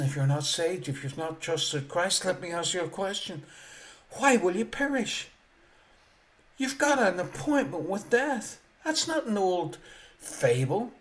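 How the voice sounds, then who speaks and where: A man preaching a sermon, emphatic and repetitive, swinging between loud proclamation and quiet asides. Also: sits high.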